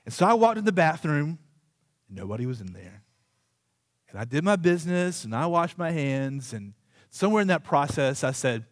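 A pastor delivering a sermon, a man whose voice sits a little higher than most men's. He leans on a funny personal story and pokes fun at himself. His delivery is loose and conversational, wandering into asides before finding his point again. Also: very animated, normal speed, dry recording, clean studio sound. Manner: humorous, self-deprecating storyteller.

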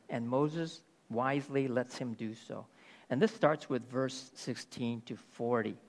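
A man's voice: mid-range voice, creaky. A man preaching a sermon, reading Bible verses aloud and paraphrasing them with emphasis.

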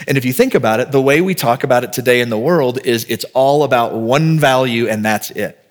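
A male pastor delivers a sermon in a mid-pitched voice. He talks in a loose, conversational way, thinking out loud as he goes and slipping into short acted-out exchanges to illustrate each point. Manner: conversational, thinks aloud, acts out quoted dialogue.

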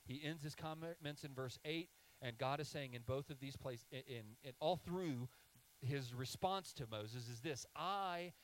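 A male preacher delivering a sermon to his congregation. His voice sits at an ordinary pitch, and he reads scripture before teaching point by point. He slows down to lean hard on the phrases he wants remembered. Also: low-quality recording. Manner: emphatic, slows down to stress key phrases. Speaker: pastor.

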